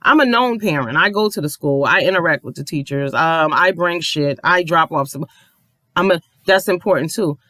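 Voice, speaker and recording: A mother telling a long story in a casual rant, profane and animated, acting out the people she quotes. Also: low voice, moderate pace, no room sound.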